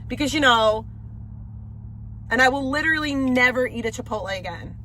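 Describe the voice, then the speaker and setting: A woman's voice: high-pitched, fairly quick, pushed and bright, a little hiss or hum. A woman livestreaming, venting in exasperated, profane bursts while arguing on a phone call. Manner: exasperated, profane, repeats herself.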